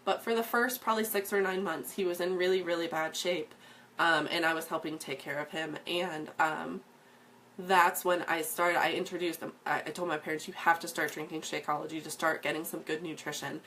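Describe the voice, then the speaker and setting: A woman's voice: sits low, steady tone, fairly quick, a bit bright, slight background noise. A woman in her thirties telling her personal story as a fitness coach, earnest and filled with ums and restarts. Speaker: fitness coach sharing a testimonial. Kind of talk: casual personal story to camera.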